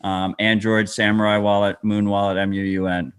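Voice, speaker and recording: Casting note: male podcast co-host, lowish voice, wry and matter-of-fact. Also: little pitch movement, normal speed, smooth. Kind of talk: casual chat.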